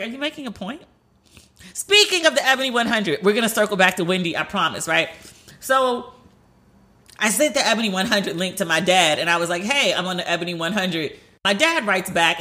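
A woman talking through a solo podcast with a bright, forceful voice. She is chatty and animated, curses freely, and goes higher when she acts out what others said. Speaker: podcast host. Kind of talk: casual solo podcast storytelling.

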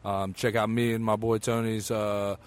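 A man's voice: lowish voice, flat delivery, normal speed. A man who is a guest fighter at a comedy club, talking in a plain, slightly hesitant way with many fillers. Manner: plain, a bit hesitant, lists plugs. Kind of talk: casual chat.

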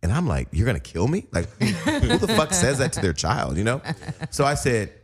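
A man telling profane, animated stories in a casual podcast chat, acting out the quotes. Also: medium pitch, moderate pace, slightly rough. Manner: animated, profane storyteller who acts out quotes. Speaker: podcast co-host.

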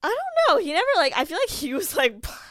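A woman in her twenties, a podcast guest telling animated stories and filling nearly every phrase with "like". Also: extremely high pitch, fast, no echo. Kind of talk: casual storytelling chat.

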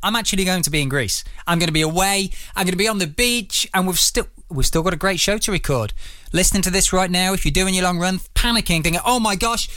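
Guy hosting a podcast, excitable, laughs a lot, dead dry studio sound. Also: high voice, quick pace, no echo. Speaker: podcast host. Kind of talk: casual podcast banter. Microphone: studio microphone.

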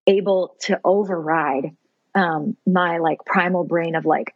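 Husky-voiced woman telling a story. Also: lowish voice, unhurried, no room sound, lo-fi sound. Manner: animated, laughs often, fillers like "like". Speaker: podcast guest. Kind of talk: personal storytelling.

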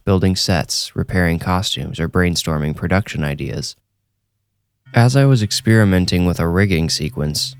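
A man reading a scripted horror story aloud in a measured, hushed storytelling manner. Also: sits low. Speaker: horror story narrator and host.

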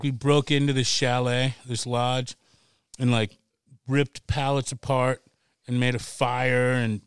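Animated, swearing middle-aged man spinning yarns. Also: mid-range voice, clean tone, dry recording. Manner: animated, swears freely, laughs through the story. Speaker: podcast guest. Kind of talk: casual storytelling.

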